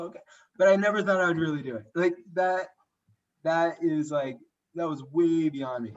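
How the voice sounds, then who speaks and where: A man's voice: fairly high pitch, moderate pace, recorded from a distance. A young man, a podcast guest, telling a personal story in a casual, rambling way, full of "like" and restarts. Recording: dull lo-fi audio.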